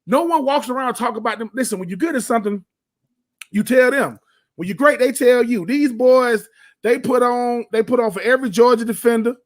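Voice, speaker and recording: A man with a strikingly high voice talks sports on the radio. He is emphatic and folksy, hammering points home with repeated phrases and quick restarts, like a former player holding court.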